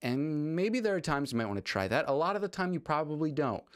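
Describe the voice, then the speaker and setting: A man's voice: a little high, very animated, quick pace, no room sound, studio quality. A man teaching music composition in a casual, rambling way, enthusiastic and full of restarts. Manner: rambling, with frequent restarts and fillers. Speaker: composer teaching on a video channel. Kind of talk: casual spoken lesson.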